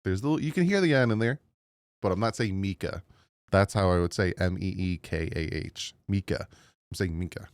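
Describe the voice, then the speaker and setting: Low-voiced New Jersey man talking football. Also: fairly quick, clear, resonant tone, no room sound. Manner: rambling, restarts, mild frustration. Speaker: sports channel host. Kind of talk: casual commentary to viewers.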